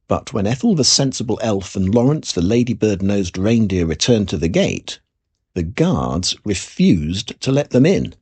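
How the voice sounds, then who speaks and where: Husky, lively storybook narrator. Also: deep voice, moderate pace. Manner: expressive, animated storytelling. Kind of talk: storybook reading.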